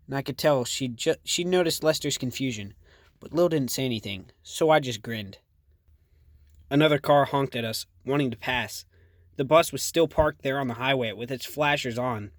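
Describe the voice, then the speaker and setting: A man narrates an audiobook in a mid-range voice, telling the story in a measured, steady way. The recording is studio quality with no echo.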